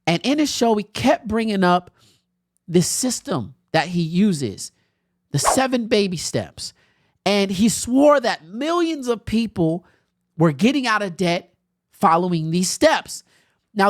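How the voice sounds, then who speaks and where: A woman's voice: mid-range voice, measured pace, no room sound, studio quality. A young adult woman hosting a podcast, telling a personal story in a conversational way with bursts of laughter. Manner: animated, conversational, laughs while telling stories. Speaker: podcast host.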